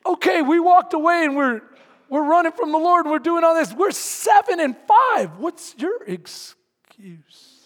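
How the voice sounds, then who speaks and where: A preacher from San Antonio, Texas, telling a story in a sermon to his congregation, animated and often shouting, then quiet and earnest. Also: very high-pitched, measured pace. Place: large hall, speaking to a congregation. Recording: long hall reverb.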